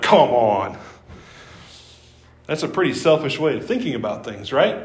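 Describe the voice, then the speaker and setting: A man's voice: mid-range voice, sing-song, a little slow, long pauses. A man preaching a sermon as pastor, emphatic and prone to restarting his words. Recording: roomy echo.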